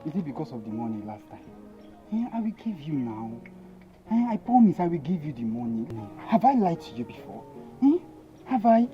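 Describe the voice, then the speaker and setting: A hot-tempered young cheat. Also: male voice, on the high side, sing-song, a little fast. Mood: coaxing. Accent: Nigerian English. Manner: loud, angry denials and threats. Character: young man, boastful and quick to anger. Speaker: actor playing Victor, a young man engaged to his lover's sister. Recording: dull film audio with music behind.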